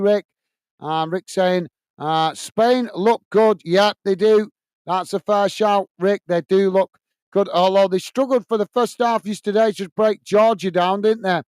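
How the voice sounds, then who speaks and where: A man from England hosting a live football watch-along, calling the play and chatting with viewers in a chatty manner that quickly turns to ranting. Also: sits high, darkish tone, smooth, no echo. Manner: chatty, reads out viewer messages, quick to rant. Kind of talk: live football commentary and chat.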